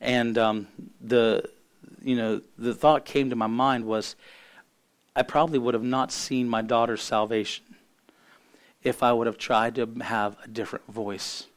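A middle-aged man preaching a sermon as a pastor, hoarse from losing his voice, earnest and halting with frequent restarts. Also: mid-range voice, steady tone.

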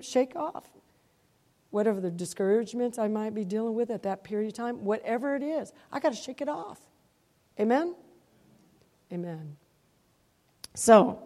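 A woman's voice: mid-range voice, mellow, big-room sound. A woman preaching a sermon, emotional and heartfelt, often calling out "Amen?" to the congregation. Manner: emotional, calls out "Amen?" to the crowd.

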